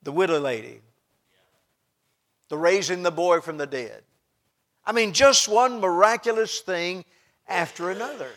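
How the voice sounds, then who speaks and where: A middle-aged man preaching a sermon, impassioned, swinging from loud outbursts to hushed asides. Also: sits high, a little slow, pauses often.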